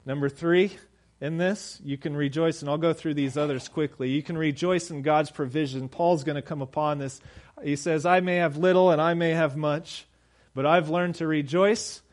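A man preaching a sermon as pastor, earnest, slowing down and dropping softer on key phrases. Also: a little high, fairly even intonation.

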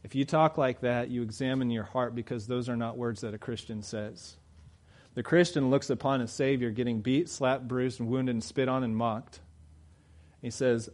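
A man's voice: medium pitch, normal speed. Fervent male preacher. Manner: building from quiet reflection to loud, fervent emphasis. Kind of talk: sermon.

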